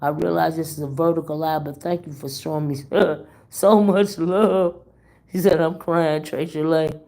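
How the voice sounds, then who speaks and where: Gravelly-voiced woman gossiping animatedly. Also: deep voice. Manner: animated, laughing, drawn-out exclamations. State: voice worn from illness. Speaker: livestream host reading chat. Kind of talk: casual gossip chat.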